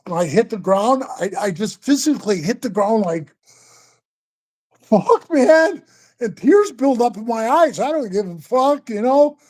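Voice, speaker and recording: A man's voice: sits high, moderate pace, hardly any pauses. Guy in his 60s telling stories, swears a lot, bro this bro that. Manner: profane, animated, says bro and man a lot. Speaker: guest storyteller. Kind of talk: casual storytelling.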